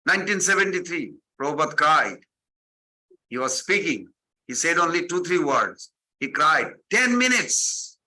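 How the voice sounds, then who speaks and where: A man teaches a spiritual lesson through animated stories, repeating phrases and slipping into quoted voices. His voice is strikingly bright and sits a touch high for a man. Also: a little slow, low-quality recording. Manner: animated storytelling, acting out quotes, repetitive phrasing. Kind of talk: devotional sermon with stories.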